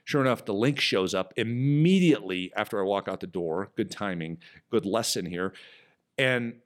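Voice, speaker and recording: A man with a fairly low voice tells a story as a podcast host. His delivery is animated and emphatic, with his pitch jumping up for emphasis. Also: moderate pace. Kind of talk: storytelling monologue.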